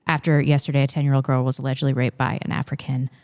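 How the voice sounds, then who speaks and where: A woman hosting a casual political talk show, animated and full of fillers. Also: extremely low pitch, racing, long reverb tail. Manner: animated, laughs often, many fillers. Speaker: podcast host.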